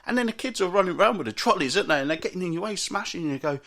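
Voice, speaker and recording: A man's voice: high voice, expressive, rapid-fire, few pauses, a bit bright. Exasperated man ranting. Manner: exasperated, sarcastic, grumbling. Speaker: podcast host. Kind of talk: ranting solo podcast monologue.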